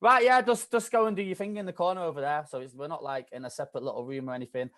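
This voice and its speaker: A man's voice: fairly high pitch, very fast. Chatty Mancunian man telling stories. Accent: Mancunian mixed with Scouse and London. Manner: animated, chatty storyteller. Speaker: radio DJ guest. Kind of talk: casual podcast chat.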